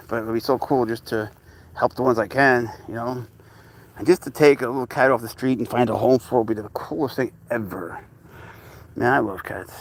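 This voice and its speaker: A man of ordinary pitch rambles casually while walking his cat outdoors by a lake. He drifts between musing to the camera and cooing baby talk at the animal. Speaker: cat owner vlogger. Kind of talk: casual outdoor vlog chat.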